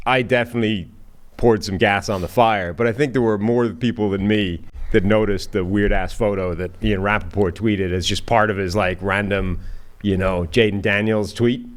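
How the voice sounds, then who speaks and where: A man's voice: lowish voice, moderate pace. A man co-hosting a football podcast, chatting casually and thinking aloud with frequent "right?" tags. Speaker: podcast co-host, football analyst.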